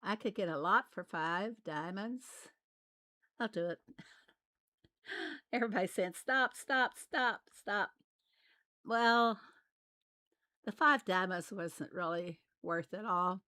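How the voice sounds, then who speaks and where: A woman's voice: lowish voice, takes it slowly, pauses often, sharp tone, dry recording. A woman from Arkansas with a light Southern US accent, chatting casually as she plays a game and laughing often. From Arkansas, USA. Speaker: game channel host. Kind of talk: casual gameplay commentary.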